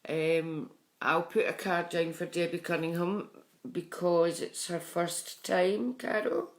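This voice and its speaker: A middle-aged woman, chatting on a live stream and warmly greeting viewers by name. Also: on the low side, fairly even intonation, slow pace. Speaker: psychic medium streaming live. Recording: echoey room sound.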